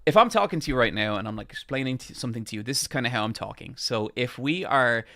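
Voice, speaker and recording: A man's voice: mid-range voice, expressive, quick pace, pushed and bright, no room sound, studio quality. A man with an Irish accent chatting on a live stream into a microphone. He projects his voice and rambles with many fillers. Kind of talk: casual chat on a live stream.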